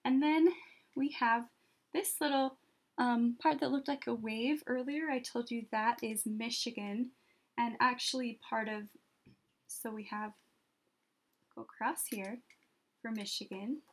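A woman teaching children an art lesson step by step, patient and gently encouraging, often pausing as she draws. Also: a little high, fairly even intonation.

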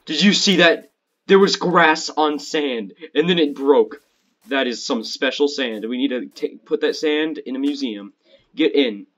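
Gamer guy, husky voice, crude joking banter, dull lo-fi recording. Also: on the high side, measured pace, a bit bright. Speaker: gamer playing with a friend. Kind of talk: casual gaming chat.

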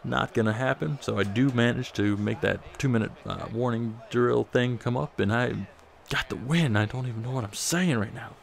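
A man's voice: mid-range voice, moderate pace, creaky. A man casually commenting over his football video game, rambling and self-deprecating, a bit out of breath. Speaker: gaming commentator.

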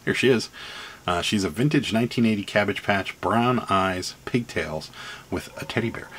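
A man with a Pittsburgh accent talks casually to the camera, rambling and filling gaps with ums and uhs. His voice sits low, with light laughter breaking in. A faint hiss lies under the recording. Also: normal speed, fairly bright tone. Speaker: reseller vlogger. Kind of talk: casual vlog, showing items to camera.

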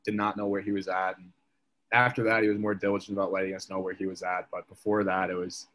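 A man's voice: low-pitched, flat delivery, fast talker, fairly bright tone. A young man, a podcast guest, telling a story in casual chat, leaning on "like" as a filler. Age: young adult. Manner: chatty, filler-heavy, leans on "like".

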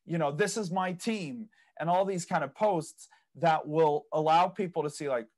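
Speaking at a moderate pace with few pauses, this podcast guest has a slightly mellow voice on the high side. In casual interview chat, the man spins stories about property investing, performing people's reactions and laughing at his own anecdotes.

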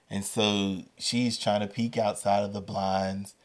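A man with a fairly low voice hosts a storytelling podcast. He tells his stories with energy, acting out the voices and shifting his pace for effect. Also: flat delivery, slow pace, hardly any pauses. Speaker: podcast host and educator.

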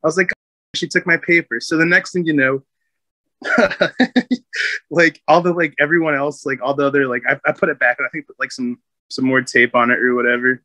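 A man's voice: medium pitch, steady tone, brisk, bright, forceful tone, no echo. A man, a Marine veteran, casually telling stories from his service, rambling with many fillers and frequent laughs. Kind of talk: casual storytelling.

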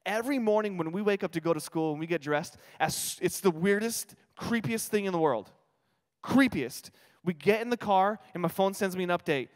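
A New Mexican man in his thirties preaches a chatty, self-deprecating sermon in a high voice. His words ring out with a long reverb in a church auditorium. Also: animated, moderate pace. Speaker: pastor. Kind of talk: conversational sermon.

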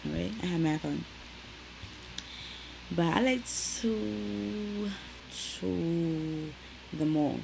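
A young woman, chatting to camera in her small bedroom, slangy and animated as she tells stories. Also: on the low side, very slow, vocal fry, pauses often, a little hiss or hum, poor audio. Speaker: vlogger. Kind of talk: casual chat to camera.

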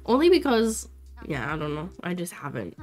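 A young woman streaming a life-sim game, chatting to her viewers in an excitable way with frequent exclamations and laughs. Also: on the low side, moderate pace. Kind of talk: casual let's play commentary.

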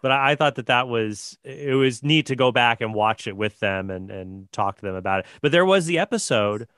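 An eager man guest on a podcast, talking in a rambling rush of "um" and "like" and often restarting his sentences. His voice has a middle pitch, and it sounds close and dry, with no room echo. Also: expressive, a bit bright, clean tone. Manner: fast, rambling talk full of fillers and restarts; enthusiastic comic-book fan. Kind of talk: casual podcast chat.

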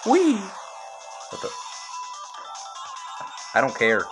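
A young man commentating casually on a handheld game as he plays, excitable and quick to exclaim. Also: sits high, soft background music. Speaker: let's play gamer.

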